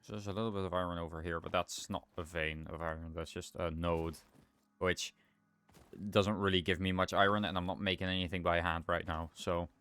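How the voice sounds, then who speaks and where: A man's voice: sits low, fairly even intonation, a little fast, fairly bright tone, clean tone. A young man streaming a game, thinking aloud in rambling casual commentary and often correcting himself. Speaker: livestreamer.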